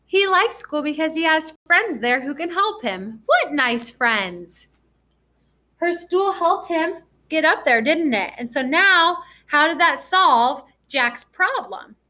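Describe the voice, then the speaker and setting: Speaking slowly and expressively in a high register, a woman guides a first grade class through a recorded reading lesson. Her tone is gentle, and she asks the children questions meant to encourage them.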